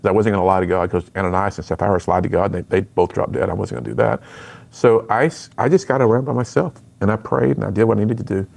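A man's voice: lowish voice, fairly even intonation, quick pace, creaky, a little mellow. A middle-aged man, a speaker and author, telling his personal story earnestly in an interview.

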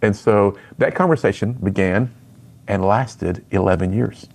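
A man's voice: lowish voice, unhurried, a little mellow. A middle-aged man, a speaker and author, telling his personal story earnestly in an interview.

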